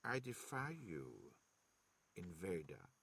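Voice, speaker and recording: A man voicing a frail, defiant elderly man, speaking slowly and mournfully. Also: deep voice, huge pitch swings, vocal fry, pushed and bright, breathy edge, pitched below the performer's own voice, heavily acted.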